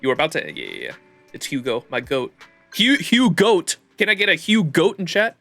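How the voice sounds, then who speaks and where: A man's voice: on the high side, huge pitch swings, quick pace, vocal fry, bright, forceful tone, soft background music. A young man streaming a game, rambling casually with lots of swearing and fillers. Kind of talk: live game commentary.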